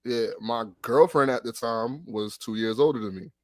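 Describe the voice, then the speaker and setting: A man telling a long story in casual chat on a sports podcast, animated and profane, full of restarts. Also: mid-range voice, moderate pace, dry recording. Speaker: podcast co-host.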